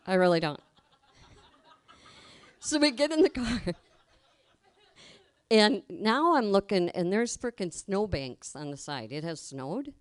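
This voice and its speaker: On stage, a middle-aged woman with a fairly low voice tells a personal story in a colloquial way, laughing as she goes and acting out the voices of the people she quotes. The recording is dry, with clean studio sound.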